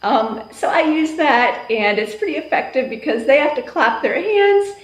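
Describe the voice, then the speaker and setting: A woman teacher explaining classroom attention getters in a calm voice, breaking into loud sing-song calls to her class. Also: high voice, moderate pace. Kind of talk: instructional talk on classroom routines. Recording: echoey room.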